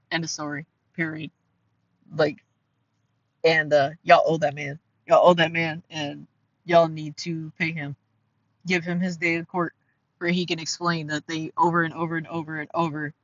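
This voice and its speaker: Male vlog host, Ohio accent, nasal, forceful bright tone, earnest and rambling, dry close sound. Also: on the high side, dry recording, lo-fi sound. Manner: rambling, many fillers and restarts, earnest. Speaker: commentary channel host. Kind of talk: casual commentary vlog.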